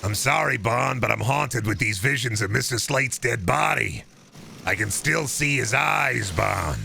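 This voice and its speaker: A gruff cartoon caveman, as a male streamer puts him on, talking slow and threatening with heavy pauses. The voice is gravelly and bright at the edge, sounding like a menacing mob boss from the stone age. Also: medium pitch, slight background noise, full character voice. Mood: brooding.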